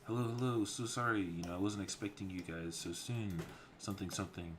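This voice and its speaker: A flustered, fawning tavern barkeep, played by a man who fusses and apologizes. The voice sits a little above the man's own deep tone. Keyboard clicks are clear behind him. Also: brisk, fairly bright tone, slight background noise. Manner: fussing and apologetic.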